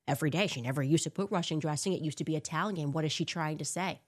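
A woman's voice: deep voice, fast talker. A woman hosting a commentary show, talking in a sarcastic, mocking way and firing off rhetorical questions. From United States. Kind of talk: casual commentary monologue.

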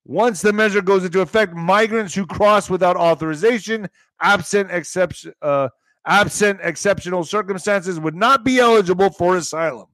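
Brief: mocking male vlogger doing news commentary, high voice, dry close sound. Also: moderate pace, fairly bright tone, no echo. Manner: brash, mocking, profane.

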